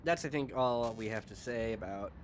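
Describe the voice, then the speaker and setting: A man's voice: medium pitch, normal speed, a little hiss or hum. A man streaming a mech strategy game, chatting casually and riffing on puns and chat messages, sometimes talking with food in his mouth. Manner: rambling wordplay, reads chat aloud in silly voices. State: eating while talking. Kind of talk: casual joking chat over gameplay.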